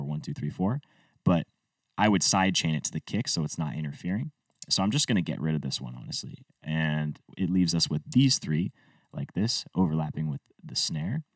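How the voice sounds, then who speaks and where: Male producer host, deep voice, dry and a bit off-mic, easygoing step-by-step tutorial delivery. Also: no room sound, recorded from a distance. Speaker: music producer teaching a tutorial. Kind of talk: screen-recorded tutorial walkthrough.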